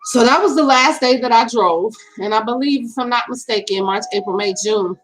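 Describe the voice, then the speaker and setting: A woman's voice: fairly high pitch, a little fast, low-quality recording. A middle-aged woman telling a personal story in a casual, earnest way, often repeating herself and speaking straight to her viewers. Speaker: vlogger. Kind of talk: casual storytime while doing makeup.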